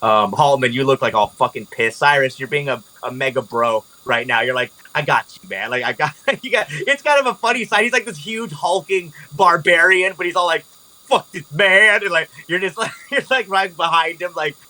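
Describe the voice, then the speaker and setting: A man narrates a tabletop game as game master in a bright, fairly high voice. He talks casually and loosely, filling his sentences with likes and ums. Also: lively intonation, brisk, hardly any pauses, poor audio. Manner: casual, laughing, filler-heavy.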